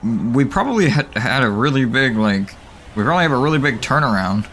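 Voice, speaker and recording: A man hosting a gaming channel, giving excitable, jokey let's play commentary that is full of swearing and laughter. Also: medium pitch, a little fast, slight background noise.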